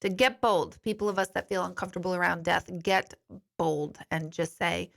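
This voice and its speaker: A woman's voice: fairly low pitch, steady tone, normal speed, vocal fry. A woman working as an intuitive medium, answering viewer comments in a candid, chatty live stream from a studio, swearing now and then and apologizing. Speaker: intuitive medium and life coach.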